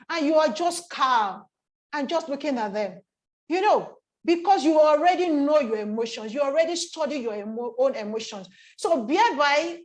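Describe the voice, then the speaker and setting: High-voiced woman giving a motivational talk. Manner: repetitive, rhetorical questions, acts out inner voices. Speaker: speaker on emotional intelligence.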